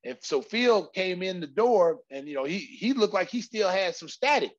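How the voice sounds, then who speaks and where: A middle-aged man telling an animated, slangy story as a guest, acting out voices and sometimes shouting. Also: high-pitched, moderate pace, muffled recording.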